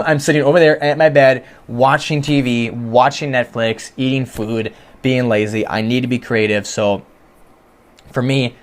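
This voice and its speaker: A young man speaks alone into his podcast mic from his bedroom. He is earnest and self-reflective, circling back to repeat himself and restarting his sentences as he thinks out loud. The talk is loose and casual. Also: medium pitch. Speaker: podcast host. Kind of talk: casual solo podcast monologue. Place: home bedroom.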